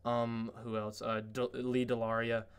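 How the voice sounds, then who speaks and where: A man's voice: medium pitch, monotone, unhurried, smooth. A man hosting a casual podcast, telling long rambling stories packed with "like" fillers and swearing. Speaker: podcast host.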